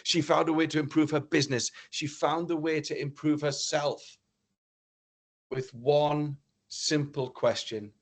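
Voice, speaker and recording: A man from northeast England giving a motivational keynote talk, telling a story in an animated, theatrical way. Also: fairly high pitch, unhurried. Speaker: keynote speaker.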